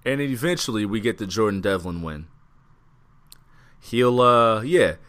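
A man's voice: lowish voice, a bit bright. A man co-hosting a wrestling podcast, talking casually and profanely, drawing out his recaps. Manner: laid-back, profane, drawn-out recaps. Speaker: podcast co-host.

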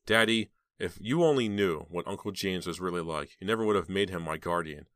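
A man's voice: low voice, a little fast, a bit bright, no room sound, studio quality. A man reading an audiobook and voicing a bitter, resentful teenage girl who speaks in a cold, scornful way.

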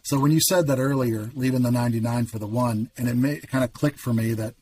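A middle-aged man telling his faith testimony in casual talk, as an earnest storyteller with quick asides. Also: medium pitch, dark tone, slight background noise. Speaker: podcast guest.

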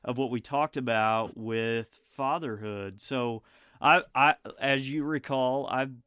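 A man's voice: mid-range voice, slow pace, sharp tone, clear, resonant tone, no echo. A man in his thirties hosting a casual podcast, a father of two, talking in a rambling, friendly way with frequent restarts. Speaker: podcast host.

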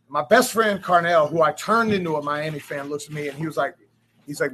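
Man, 40s, fired-up crowd speech, high-pitched and bright-toned. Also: brisk. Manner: emphatic storytelling, swears freely, rises to shouts.

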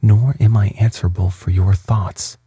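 A man voicing a calm, bold young peasant in a storybook reading, hushed and breathy, slow and even. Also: fairly low pitch, dry recording.

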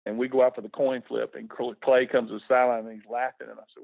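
A man's voice: medium pitch, flat delivery, very fast, gravelly, no room sound. A middle-aged man, a former coach talking casually in a radio interview, folksy and repeating words when moved. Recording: tinny phone line on radio.

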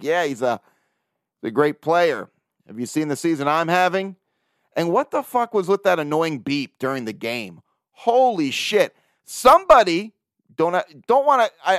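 This is a solo sports podcast where the male host talks loosely, rants, curses a lot and keeps breaking into laughter. His voice is high and fairly bright. The sound is clean studio audio with no echo.

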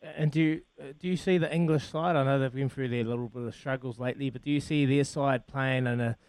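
A man's voice: mid-range voice, fairly even intonation, fast, a little mellow, clean tone, no room sound. A man interviewing a rugby player, asking long, rambling, chatty questions. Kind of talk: casual interview.

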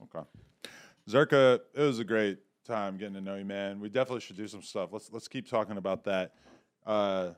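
Easygoing, low-voiced male host. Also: brisk. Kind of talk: casual chat.

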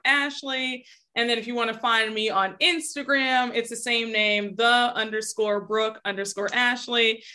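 A woman's voice: a little high, pushed and bright. A woman who is a guest on a podcast, chatting casually and agreeing readily. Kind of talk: casual chat.

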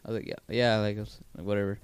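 A young man in a medium voice, telling stories in a loose, rambling way full of fillers. The recording is dry and close. His delivery stays relaxed and unhurried. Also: fairly low pitch, smooth, no echo. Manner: laid-back, rambling, filler-heavy. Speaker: podcast co-host. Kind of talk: casual chat.

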